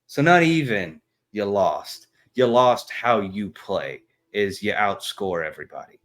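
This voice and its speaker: A man's voice: lowish voice, expressive, a little slow, a bit bright. A man, co-hosting a casual sports podcast, blunt and trash-talking with lots of fillers. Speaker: podcast co-host.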